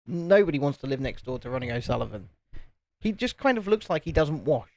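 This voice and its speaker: A man's voice: on the high side, very animated, fairly quick, darkish tone, no echo. A man chatting casually and joking as co-host of a live stream. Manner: joking, rambling. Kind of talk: casual chat.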